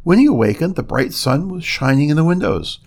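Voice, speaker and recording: A man narrating a fairy tale in a measured, steady reading. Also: on the high side. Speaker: storyteller.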